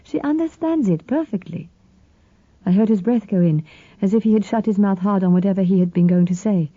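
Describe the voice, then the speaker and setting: A woman narrating a novel in the first person, reading in an even, measured way. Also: mid-range voice, no echo. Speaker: audiobook narrator. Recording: slightly dull, dry lo-fi recording.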